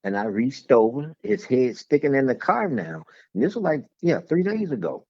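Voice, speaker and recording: A man's voice: medium pitch, big pitch swings, normal speed, dark tone, no echo. A man who is a guest in a casual conversation, telling rambling stories and repeating words as he goes. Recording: dull lo-fi sound.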